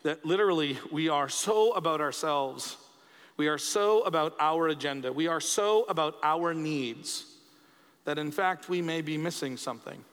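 Male pastor, high voice, conversational sermon delivery with repeated emphasis; long hall reverb. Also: normal speed, fairly bright tone.

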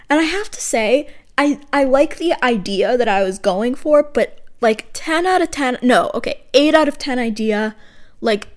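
A young woman hosts a podcast, rambling and poking fun at herself as she reads her own unfinished poems. When she gets to the verses, she drops into a soft, quiet, low delivery. It's casual, self-deprecating chat mixed with poetry reading.

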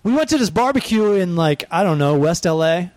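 A man's voice: high voice, lively intonation, fairly quick, a little mellow, no room sound. A man hosting a comedy podcast, joking around and rambling through a profane story. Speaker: podcast host. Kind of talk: casual comedy podcast chat.

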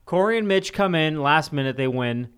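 A man co-hosting a podcast in casual chat, blunt and quick to steer the talk along. His voice sits a little high for a man. He swears and gets heated at times. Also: lively intonation, a bit bright, slight background noise. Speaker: podcast co-host. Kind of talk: casual chat recapping a reality show.

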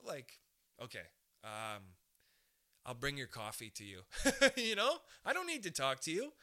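A man's voice: medium pitch, big pitch swings, measured pace, bright, forceful tone. A young man hosting a podcast, rambling through a crude comedic monologue and laughing often. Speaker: podcast host.

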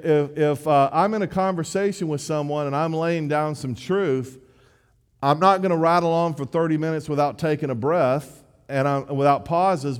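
A man's voice: on the high side, clean tone. A man giving a sermon in a conversational, self-deprecating way, often restarting his sentences. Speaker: preacher. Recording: long hall reverb.

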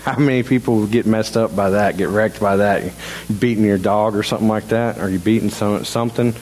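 A man preaching a sermon in a church in a halting, conversational way, full of restarts. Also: fairly low pitch, fairly even intonation, darkish tone, slight background noise, low-quality recording. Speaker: pastor. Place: church sanctuary.

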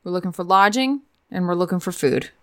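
Woman player in a tabletop game, lowish voice, dry and matter of fact. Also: fairly quick, fairly bright tone. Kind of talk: tabletop role-play chat.

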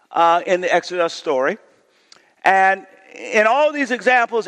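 A male pastor with a high voice preaches a sermon in a reverberant hall, urging the congregation to shout back responses. While reading scripture, he voices the complaining crowd with rising intensity.

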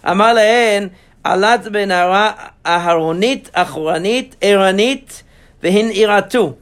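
Leading a casual study group, the Talmud teacher reads Aramaic aloud before translating and explaining it hesitantly, often restarting and using fillers. His voice sits high and sounds a bit bright, clear, and resonant.

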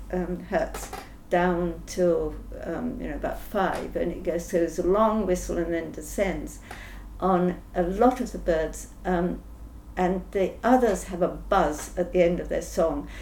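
An older woman scientist answering interview questions thoughtfully, pausing often with ums and restarting sentences. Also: fairly low pitch, warm tone. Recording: roomy echo, faint background noise.

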